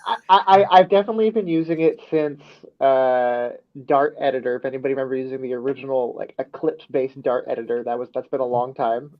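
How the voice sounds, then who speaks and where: A male guest on a tech stream, friendly and a little excitable in casual chat. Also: medium pitch, fast, lo-fi sound.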